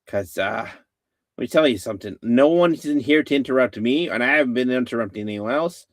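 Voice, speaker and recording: A man's voice: medium pitch, fairly quick, no echo, studio quality. A man hosting a casual live-stream chat, rambling with many fillers and restarts. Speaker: host.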